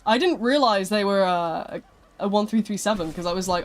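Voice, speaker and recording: Brisk and medium in pitch, a streamer talks casually to viewers live. The chat drifts a little, peppered with frequent "um"s and "like"s.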